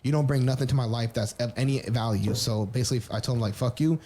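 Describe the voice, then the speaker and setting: A man speaks at a rapid clip, trading stories on a podcast. He rambles, restarting sentences and swearing casually as he goes. His pitch sits in an ordinary middle range. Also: steady tone, dark tone. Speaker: podcast co-host. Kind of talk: candid personal storytelling.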